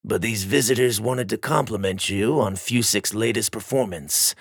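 A man doing a gruff, skeptical doorman. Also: fairly low pitch, normal speed, a bit bright, dry recording, studio quality, heavily acted. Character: skeptical flat-faced male gatekeeper.

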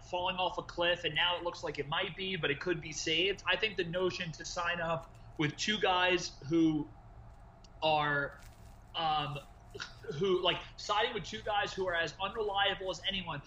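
A man's voice: high voice, bright, forceful tone, roomy sound, dull audio, slight background noise. A man co-hosting a casual sports podcast, talking fervently with many fillers and repeated words. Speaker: podcast co-host.

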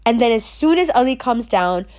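Middle-aged woman ranting about a story, swears a lot, slangy and blunt, higher voice. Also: expressive, moderate pace, darkish tone. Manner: blunt, profane and emphatic; streetwise slang. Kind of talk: casual storytelling rant.

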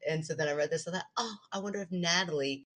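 A woman's voice: lowish voice, fast talker, fairly bright tone. A woman co-hosting a podcast in casual chat, playfully teasing and reading aloud from a book. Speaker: podcast co-host.

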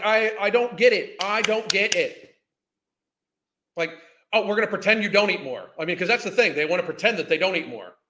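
A man's voice: high-pitched, sharp tone. A man, ranting in a heated, profane, scornful way as a podcast host. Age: 50s. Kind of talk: ranting commentary.

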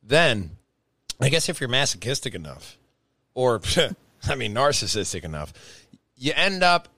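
A man hosting a podcast in casual chat, animated and swearing freely, with loud bursts when excited. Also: medium pitch, a little slow, gravelly, no echo. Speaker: podcast host.

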